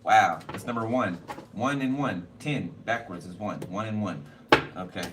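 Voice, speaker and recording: A man's voice: lowish voice, expressive, normal speed. Blunt guy reading tarot, swears a lot, says stuff twice, noisy mic kinda far away. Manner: blunt, profane, repetitive. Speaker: tarot card reader. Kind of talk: casual card reading to camera.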